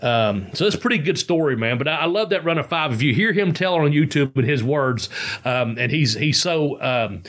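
Man, podcast host, casual rambling chat, profane, slightly high voice. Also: animated, normal speed, fairly bright tone. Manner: rambling, profane, loose storytelling.

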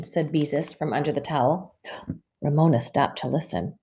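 A woman narrating a children's storybook in an expressive, measured reading. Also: deep voice, slight background noise. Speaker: audiobook reader.

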